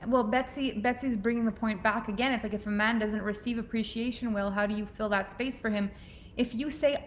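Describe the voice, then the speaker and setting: A woman's voice: fairly high pitch, brisk, slight background noise. A woman hosting a casual talk show, effusive and over the top, often acting out quoted lines in different voices. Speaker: podcast host. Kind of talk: casual chat.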